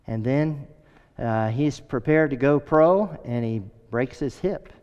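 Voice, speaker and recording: A man's voice: medium pitch, takes it slowly, darkish tone, clean tone. Resonant man preaching in a hall. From United States. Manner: earnest storytelling with emphatic repetition. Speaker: pastor. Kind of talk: sermon. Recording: echoey hall, dull sound.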